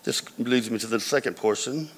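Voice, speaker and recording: A man's voice: mid-range voice, normal speed. A man, a company founder, giving a conversational business talk full of anecdotes to MBA students, with hall reverb around him.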